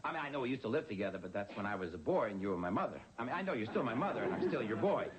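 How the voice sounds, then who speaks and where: A man's voice: lowish voice, very animated, very fast, a loud crowd. An actor playing a flustered middle-aged man who stammers and jokes his way through awkward moments, in a sitcom. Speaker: lead character. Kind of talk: sitcom acting. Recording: sitcom audio with studio audience laughing.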